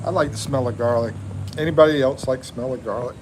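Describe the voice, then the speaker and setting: A man's voice: medium pitch, quick pace, darkish tone, faint music behind, poor audio. Laid-back Texan man on a home livestream. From USA. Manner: laid-back, chuckling, reads viewer comments. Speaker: livestream host. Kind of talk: casual livestream chat.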